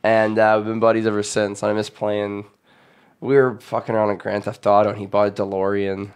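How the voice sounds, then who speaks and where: A man's voice: fairly low pitch, monotone, fairly quick, clear, resonant tone. A man hosting a podcast in casual chat, telling rambling stories, laughing often and swearing freely. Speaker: podcast host.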